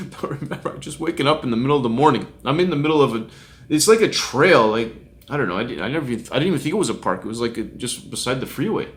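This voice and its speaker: A man's voice: medium pitch, expressive, quick pace. A middle-aged man, a street minister, telling a personal testimony story and often chuckling as he recounts it. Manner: chuckles often while recounting, acts out quoted voices.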